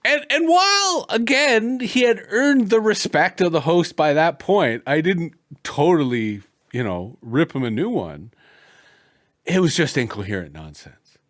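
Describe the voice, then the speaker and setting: Animated Canadian man hosting a podcast. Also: a little high, a little slow. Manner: animated and hammy, with stammered restarts. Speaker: podcast host. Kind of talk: conversational podcast interview.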